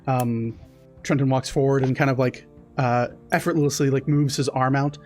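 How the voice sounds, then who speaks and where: A man running a tabletop game as game master, describing the scene in a mid-pitched voice. He pauses often and fills gaps with "uh" and "um", with faint music behind him. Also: fairly even intonation, darkish tone. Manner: hesitant, many fillers.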